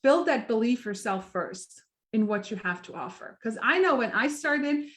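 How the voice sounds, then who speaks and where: A woman's voice: a little high, lively intonation, moderate pace, fairly bright tone. A middle-aged woman leading a live sales training chat, upbeat and chatty, who keeps asking "right?" and acts out little examples. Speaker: direct sales team leader.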